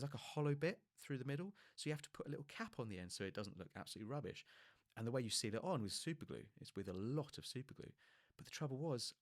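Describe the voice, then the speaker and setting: A young man on a podcast, telling self-mocking work stories in a casual, animated way and swearing freely. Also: dry recording, clean studio sound. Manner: acts out quoted people with pitch jumps. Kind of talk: casual comic storytelling.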